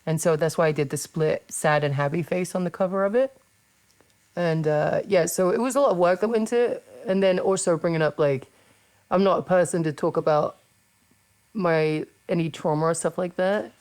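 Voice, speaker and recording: Here a wrestler and podcast host, English and in her thirties, leads a relaxed chat. Her lowish, somewhat mellow voice keeps a moderate pace while she stays blunt and swears freely.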